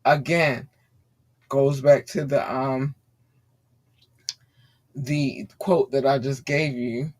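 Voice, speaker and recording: A woman's voice: very deep voice, fairly even intonation, extremely slow, pauses often, a little mellow. A woman hosting a podcast, ranting bluntly and swearing freely in heated commentary. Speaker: podcast host.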